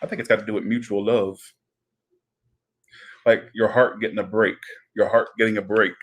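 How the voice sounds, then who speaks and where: A man's voice: on the low side, fairly even intonation, brisk, long pauses, breathy edge. A man giving a casual tarot reading, chatty and rambling, with frequent swearing and asides. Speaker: tarot reader.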